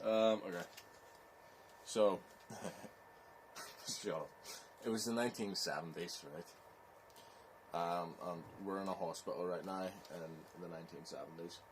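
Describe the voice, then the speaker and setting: A man with a Belfast accent, telling a scary story in slow, rambling casual chat, with "so it is" tags. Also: deep voice, fairly even intonation, background noise. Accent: Northern Irish, Belfast.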